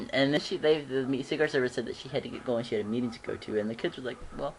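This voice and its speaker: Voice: mid-range voice, fairly even intonation, fast talker, slight background noise. A fan recapping a TV episode in a casual vlog, rambling and giggling, with frequent restarts. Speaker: show reviewer.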